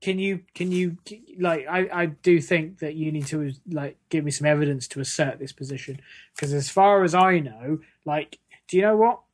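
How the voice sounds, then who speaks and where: A man's voice: a little high, normal speed. A man co-hosting a comedic podcast, teasing and provoking with devil's-advocate questions. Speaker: podcast co-host.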